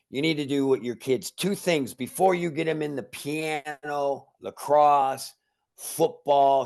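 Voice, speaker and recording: Gravelly-voiced man telling stories. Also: mid-range voice. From Cleveland, Ohio area. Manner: rambling, repeats words, acts out conversations. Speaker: judo instructor. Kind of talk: casual podcast storytelling. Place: remote call.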